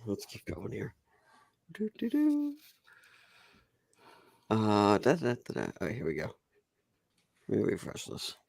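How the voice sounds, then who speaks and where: A man's voice: lowish voice, huge pitch swings, slow pace, vocal fry, pauses often, darkish tone, no echo, studio quality. A man hosting a casual podcast chat, boisterous, laughing often and swearing freely. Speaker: podcast host.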